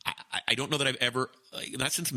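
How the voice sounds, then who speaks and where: A man co-hosting a podcast, talking in an excitable, emphatic way and often restarting his phrases. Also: medium pitch, quick pace. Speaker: podcast co-host. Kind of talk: casual chat.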